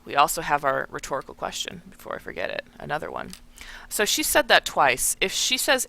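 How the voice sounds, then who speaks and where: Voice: medium pitch, lively intonation, fairly quick, pushed and bright. A teacher walking through a text in a recorded lesson, explaining and thinking aloud while annotating it.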